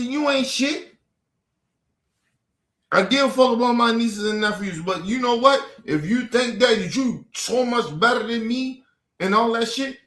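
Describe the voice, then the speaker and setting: A man's voice: high-pitched, bright, forceful tone, roomy sound. Heated, profane man ranting. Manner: heated, profane, repetitive outbursts. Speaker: man venting at family. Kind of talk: angry personal rant.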